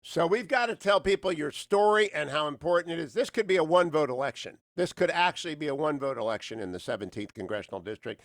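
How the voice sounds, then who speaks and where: A middle-aged man from northeastern Ohio hosting a radio interview, chatty and animated, dropping to a low, quiet register for serious points. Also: quick pace, few pauses, no echo. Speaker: radio talk show host.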